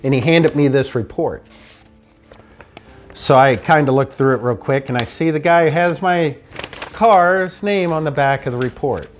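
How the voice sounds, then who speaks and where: A man with a higher-pitched voice tells a casual personal story about his stolen car, speaking a little slowly over slight background noise. He performs the dialogue, voicing each person's words in turn.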